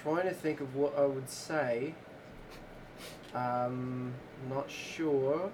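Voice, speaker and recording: A man chatting casually as host, slow and hesitant, laughing often and answering in short agreements. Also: medium pitch, steady tone, background noise. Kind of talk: casual chat.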